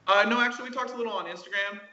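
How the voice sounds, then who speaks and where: A man's voice: high-pitched, very fast, bright, forceful tone, highs cut off. A man chatting eagerly on a podcast call. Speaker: guest. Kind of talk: casual podcast chat.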